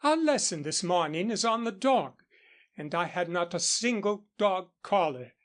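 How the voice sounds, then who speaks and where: A man reading the lines of a kind, cultured English woman schoolteacher in an audiobook, gentle and earnest, with an English accent. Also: high-pitched, lively intonation, unhurried.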